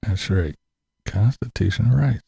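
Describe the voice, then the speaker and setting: A man's voice: on the low side, unhurried, vocal fry, dark tone, breathy edge, no room sound, studio quality. A man chatting casually with his online viewers, laughing through most sentences and swearing while he mocks. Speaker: livestream host answering chat. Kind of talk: casual commentary chat.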